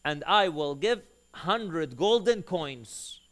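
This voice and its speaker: Male preacher, fairly high voice, lively storytelling delivery with acted-out dialogue. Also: slow. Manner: animated storyteller who acts out quoted dialogue. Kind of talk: storytelling sermon.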